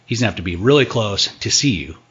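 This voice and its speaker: A man talking casually as a guest hunting expert on a podcast, animated and fond of acting out what the animals would say. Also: on the low side, fast, breathy edge, highs cut off.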